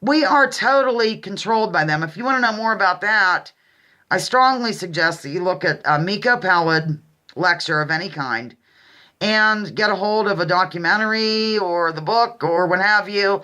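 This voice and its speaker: A woman vlogger delivering a sarcastic, exasperated political rant straight to her viewers, repeatedly addressing them as ladies and gentlemen. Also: medium pitch, expressive, normal speed.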